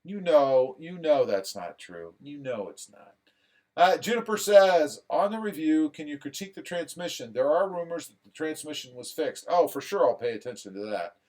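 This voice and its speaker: A man's voice: on the high side, animated, normal speed, darkish tone. Laid-back man reading livestream chat. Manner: easygoing, joking, reads viewer comments aloud. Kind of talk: casual live chat.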